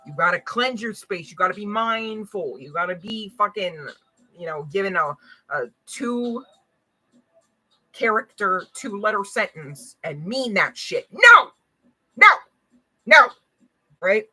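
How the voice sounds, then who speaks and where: A woman's voice: medium pitch, lively intonation, a little slow, sharp tone, low-quality recording. A woman giving a spiritual card reading to her audience in a casual, blunt, slangy way, swearing and laughing often.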